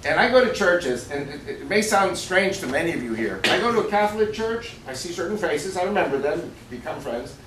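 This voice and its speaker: In a shooting sports store's echoey banquet room, a man lectures a club audience as a guest speaker, mixing in jokes and putting questions to the crowd. His fairly high, fairly bright voice swings widely in pitch, and he talks fairly quickly with few pauses, in a punchy, emphatic, conversational way. The far-off mic catches faint ambience and a little hiss or hum.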